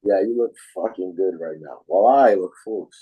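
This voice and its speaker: A man's voice: low voice, moderate pace, husky, narrow, tinny audio. A man co-hosting a podcast, chatting casually about football in blunt, slangy talk full of swearing. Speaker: podcast co-host. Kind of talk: casual sports chat.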